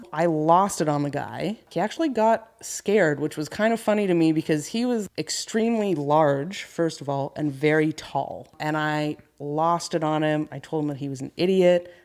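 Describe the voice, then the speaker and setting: Candid woman in her thirties, podcast guest, animated work stories. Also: low-pitched, normal speed, few pauses. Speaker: guest, carpentry business owner. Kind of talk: casual podcast storytelling.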